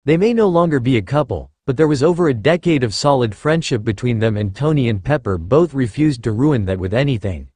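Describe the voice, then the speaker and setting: A man narrating a fan fiction story in a steady reading voice. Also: mid-range voice, brisk, few pauses, no room sound.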